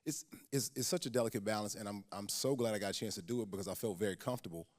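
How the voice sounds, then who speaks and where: A man's voice: on the low side, racing. A man, an actor and comic, talking casually on a stage panel, telling stories and often restarting his words. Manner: storytelling, laughing, repeats words when starting. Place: auditorium stage.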